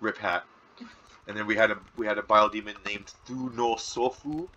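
A man's voice: on the low side, fairly even intonation, normal speed, highs cut off, a crowd in the background. A man casually commentating while he plays a video game with his sibling, rambling and joking at his own puns. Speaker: let's play co-host.

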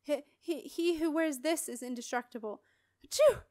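A woman's voice: high voice, moderate pace, darkish tone, dry recording, clean studio sound, voice pushed up, lightly acted. Storybook villain, a spiteful young man with a cold, stammering, voiced by a woman reader. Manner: stammering and snarling with a streaming cold.

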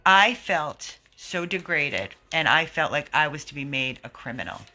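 A man's voice: a little high, sing-song, normal speed, bright, forceful tone. A man who runs an animal rescue, giving an indignant, earnest video update to his followers.

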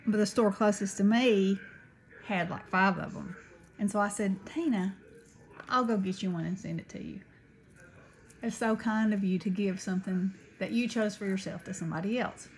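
Middle-aged Southern woman, unhurried, chatty craft vlogger, paper crinkling softly behind. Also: mid-range voice, slight background noise, poor audio. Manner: chatty, gushing, Southern-friendly. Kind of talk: casual haul chat.

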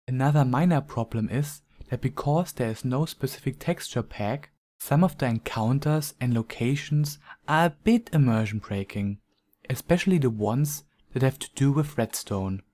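A man's voice: medium pitch, moderate pace, dark tone. Man with a German accent reviewing. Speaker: game map reviewer. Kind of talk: scripted review narration.

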